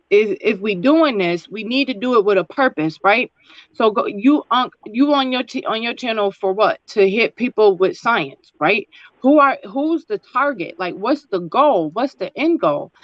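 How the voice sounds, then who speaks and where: A woman's voice: a little high, fairly bright tone, no echo, highs cut off. Dry-sounding woman pushing back. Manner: questioning, pushes back. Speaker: panelist. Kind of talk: heated panel discussion.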